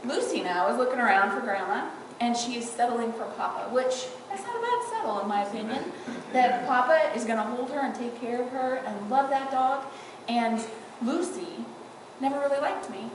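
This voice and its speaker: A woman's voice: fairly high pitch, expressive, moderate pace, hardly any pauses, noisy background. A woman giving a eulogy for her grandmother in a church, telling funny, fond stories and laughing often. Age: adult granddaughter. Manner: tearful-humorous storytelling, laughing often. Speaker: eulogy speaker. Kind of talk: personal eulogy at a funeral. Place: church, large room. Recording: echoey church from far off.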